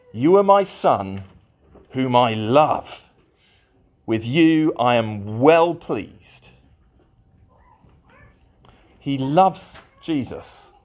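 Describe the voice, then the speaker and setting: A man's voice: on the high side, a little mellow, dull audio. A man preaching a sermon to a congregation, with playful asides.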